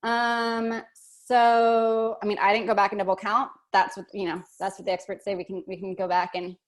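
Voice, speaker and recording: A woman's voice: mid-range voice, level tone, normal speed. A woman teaching an online workshop lesson, chatty and thinking aloud with many fillers and restarts.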